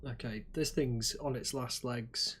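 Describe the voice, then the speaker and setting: A man takes part in a tabletop game, calmly laying out his character's careful actions. His voice is mid-pitched and everyday. A faint hiss sits behind it. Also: unhurried. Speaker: player.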